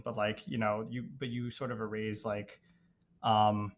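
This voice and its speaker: Raised in Dubai, this young man talks as a guest on a relaxed podcast interview, sounding thoughtful and unsure, with frequent "like" and "you know." His voice runs low, with a level tone and measured pace.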